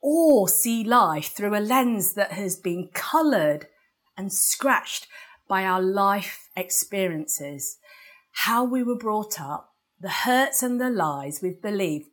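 Unhurried English woman preaching. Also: a little high. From England. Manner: conversational, asks the congregation for amens, laughs at herself. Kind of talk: sermon.

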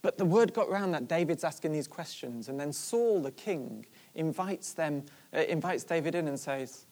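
A preacher giving a sermon, retelling a story in an animated way and asking the listeners rhetorical questions. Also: medium pitch, moderate pace.

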